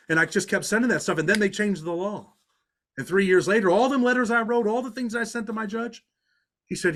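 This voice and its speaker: A man's voice: high-pitched, brisk, a bit bright. Podcast guest: middle-aged man, New York accent, raised voice, earnest storyteller, casual street talk. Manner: street-talking, earnest, many "you know"s and restarts.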